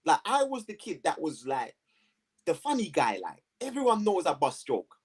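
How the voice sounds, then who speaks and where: A man tells a personal story with slangy, animated energy. His voice is somewhat husky and his pitch jumps around a lot as he acts out the people in it. It sits a little high for a man. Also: moderate pace. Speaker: guest. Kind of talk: storytelling in a conversation.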